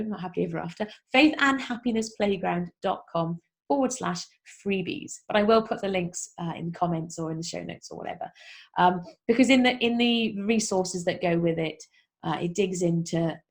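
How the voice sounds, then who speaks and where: A woman's voice: medium pitch, brisk. A woman hosting a self-help podcast, talking casually and encouragingly to her listeners, upbeat and chatty, with asides. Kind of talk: casual motivational talk to listeners.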